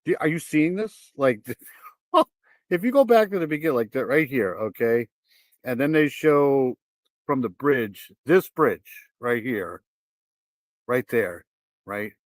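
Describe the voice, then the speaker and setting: A man's voice: mid-range voice, sing-song, takes it slowly, long pauses, no room sound. A man hosts a live reaction stream and keeps breaking into exclamations and the odd curse. He lets out nervous laughs between remarks. His voice sits close and dry, with no room sound around it.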